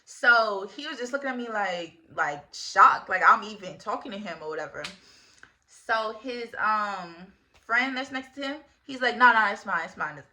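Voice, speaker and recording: A young woman in her twenties spins a casual storytime with a lot of energy and plenty of slang. Her voice sits fairly high and sounds crisp and bright, and she breaks into laughter often. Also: expressive, normal speed. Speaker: vlogger.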